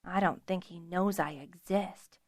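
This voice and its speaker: A woman's voice: on the low side, fairly even intonation, unhurried, dry recording, lightly acted. A woman reading a shy, lovesick young girl rider who pipes up and blurts things out. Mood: eager.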